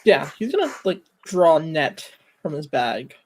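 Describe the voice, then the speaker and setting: A woman's voice: low-pitched, very animated, a little slow, a little mellow, low-quality recording. Chatty woman playing a tabletop game. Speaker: player. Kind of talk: casual tabletop play.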